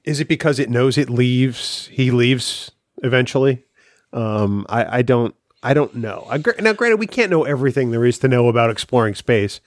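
A man's voice: mid-range voice, lively intonation, moderate pace, no room sound, clean studio sound. A man co-hosting a podcast, talking through an episode's writing in a thoughtful, analytical way. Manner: thoughtful, analytical, with some restarts. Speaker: podcast co-host. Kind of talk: casual chat.

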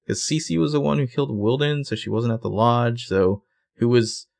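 His voice is mid-range and a little mellow, with vocal fry, at a normal speed. The man is a podcast co-host recounting a TV episode scene by scene in casual conversation, sprinkled with fillers and self-corrections.

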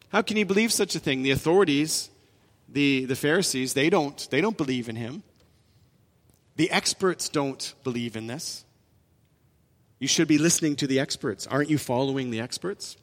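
A man's voice: mid-range voice, expressive, normal speed. Preaching man in a reverberant church hall. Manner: earnest, repetitive preaching with frequent restarts. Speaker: pastor. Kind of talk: sermon.

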